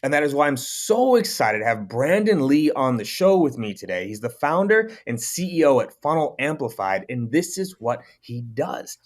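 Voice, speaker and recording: Lively energetic male podcast host. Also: medium pitch, normal speed, hardly any pauses. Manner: energetic, emphatic delivery. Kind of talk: podcast interview.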